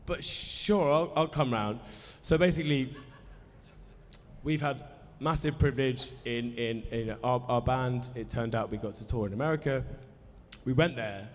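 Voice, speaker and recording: At a festival cinema hall, a musician in his thirties introduces a film screening with a rambling, sweary, self-deprecating story, nervous and dry-mouthed. His medium-pitched voice moves at a moderate pace, with live hall reverb, faint crowd ambience and a little hiss or hum.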